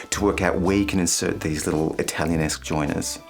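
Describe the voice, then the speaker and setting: A man hosting a singing lesson, speaking clearly and playfully and singing short phrases to show the point. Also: low voice, fairly quick, few pauses, soft background music. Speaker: vocal coach and channel host.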